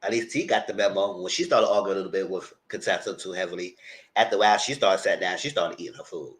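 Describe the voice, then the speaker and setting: Low-pitched yet a bit bright, this man's voice moves fast as he recaps on his commentary channel's livestream. He chats casually, drops blunt asides, and acts out what he told the cast.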